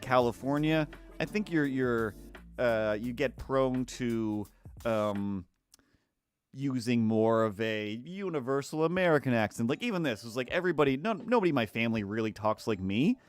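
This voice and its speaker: Cartoonist guy rambling on a drawing stream, lots of ums, chuckles at himself. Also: mid-range voice. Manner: rambling and chatty, with many fillers and self-amused laughs. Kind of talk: casual live-stream chat while drawing.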